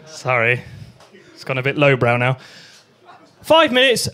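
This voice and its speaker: A man's voice: sits high, animated, moderate pace, pushed and bright. A young man performing a crude stand-up set at an open mic night, acting out voices and sounds. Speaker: stand-up comedian.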